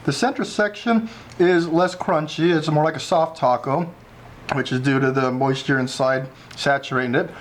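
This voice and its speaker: A man's voice: on the high side, steady tone, moderate pace. A man co-hosting a casual food review, talking in a chatty, rambling way with many restarts.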